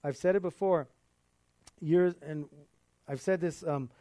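A man preaching an earnest sermon in a conversational voice that sits a little high. He laughs now and then. The sound is dry and close, with no room echo. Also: unhurried, mellow.

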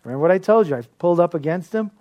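Pastor, male, slightly high voice, animated sermon delivery with lots of laughter. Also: racing. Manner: animated storytelling with frequent laughter.

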